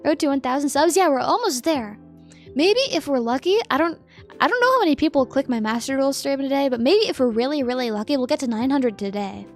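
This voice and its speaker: A woman's voice: sits high, expressive, brisk, soft background music. A sleepy woman streamer chatting casually with her viewers, giggling as she reads their messages aloud and answers them.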